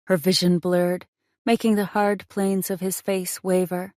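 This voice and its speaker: Low-voiced woman narrating a romance. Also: flat delivery, moderate pace, a little mellow, dry recording, studio quality. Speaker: audiobook narrator.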